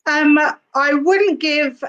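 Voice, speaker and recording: A woman's voice: sits high, takes it slowly, fairly bright tone, dull audio. A young adult woman, a stand-up comedian, chatting casually on a podcast in a rambling way with lots of fillers.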